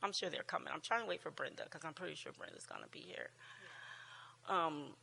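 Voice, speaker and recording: A woman in her sixties talks casually to a church class, laughing easily and tripping over her own sentences. Her voice is bright and a little tense. A long hall reverb trails behind her words. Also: low voice, big pitch swings, a little fast, gravelly, husky. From United States. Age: 60s. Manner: chatty, laughing often, warm storytelling with many restarts.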